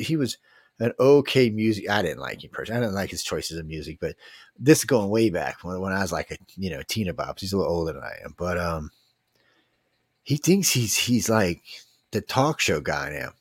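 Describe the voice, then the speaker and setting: A man's voice: low voice, big pitch swings, a little fast, slightly rough, dry recording. Brief: middle-aged man, talk host, boastful rambling rant, close dry mic. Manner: rambling, boastful, swearing, with frequent restarts. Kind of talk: casual talk podcast rant.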